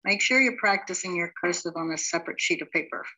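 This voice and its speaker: A middle-aged woman teaching a beginners' language class, sounding out each word syllable by syllable in a steady, instructional way. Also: fairly low pitch, fast talker, low-quality recording. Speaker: Hebrew teacher.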